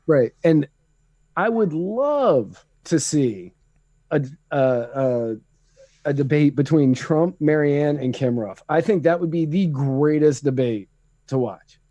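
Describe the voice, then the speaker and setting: A man's voice: on the high side, expressive, takes it slowly, warm tone, no echo. A man co-hosting a podcast, giving opinionated, rambling political takes in casual chat. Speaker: podcast co-host.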